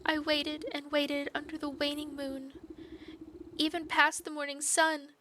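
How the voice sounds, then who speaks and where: A woman voicing a melodramatic lovesick young maiden from a dark fairytale game, breathy and tearful. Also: high-pitched, level tone, unhurried, a little hiss or hum, voice pushed up. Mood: tearful pining.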